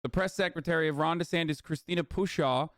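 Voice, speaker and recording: Profane ranting male streamer, smooth voice. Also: on the high side, steady tone, fast talker, a bit bright, no echo, clean studio sound. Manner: reads viewer messages aloud. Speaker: streamer host. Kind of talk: casual chat.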